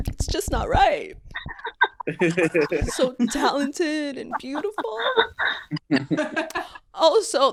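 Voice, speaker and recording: A woman performing a stand-up comedy set on a virtual video call show, animated and exasperated, laughing between her lines. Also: high-pitched. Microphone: video call mic.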